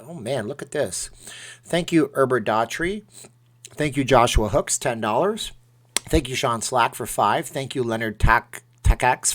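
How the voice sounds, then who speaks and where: A middle-aged man casually chatting on a live stream, reading out donor names and rambling through asides. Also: mid-range voice.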